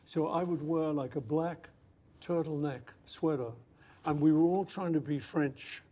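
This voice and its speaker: Older male interview guest, husky and fairly high-pitched, spins anecdotes and acts out quotes. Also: a little slow, dark tone. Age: 70s. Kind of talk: reminiscing conversation.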